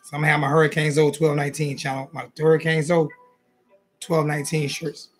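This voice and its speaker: A quick, high-pitched man hosts a loose, joking sports chat, looping back over his own phrases. His voice has a husky edge. Faint music plays behind him. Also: little pitch movement. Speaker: host. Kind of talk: casual call-in chat.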